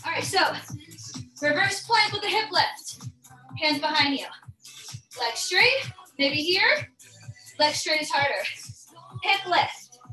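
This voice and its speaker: A woman's voice: very high voice, expressive, slow pace, long pauses, sharp tone. A woman leading a live workout class, coaching with cheers and countdowns while out of breath. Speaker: fitness instructor. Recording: echoey room from far off, music behind.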